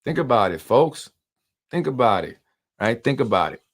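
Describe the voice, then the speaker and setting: A man's voice: medium pitch, sing-song, normal speed. A man hosting unscripted political commentary, emphatic and full of rhetorical questions and repetition.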